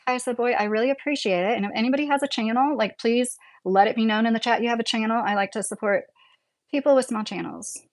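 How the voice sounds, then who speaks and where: A woman's voice: fairly high pitch, fast talker. A woman in her thirties or forties with a Midwestern accent, rambling casually as she hosts a livestream and reads chat, laughing often. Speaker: livestream host reading chat.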